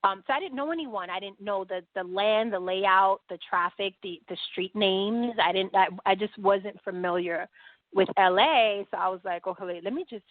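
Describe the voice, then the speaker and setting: A new woman, a podcast guest from New York, tells a story conversationally over a tinny line. Her mid-range voice moves at a moderate pace, and she's animated, quoting people's dialogue and using many fillers. The audio is dry and phone-like, with no room sound.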